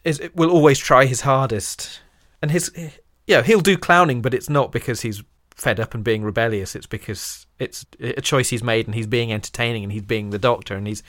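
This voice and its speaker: A man's voice: mid-range voice, a bit bright, no echo, studio quality. A man co-hosting a casual chat, talking at length with fond enthusiasm. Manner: talkative, fond enthusiast, runs on. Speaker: podcast co-host.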